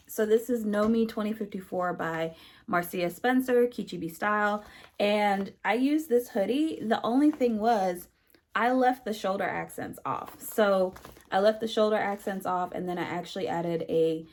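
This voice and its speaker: A woman's voice: medium pitch, a little mellow. A woman vlogger chatting casually to the camera about her sewing projects, with frequent fillers and a friendly, talkative manner. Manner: chatty, many fillers, says "y'all" and "you guys".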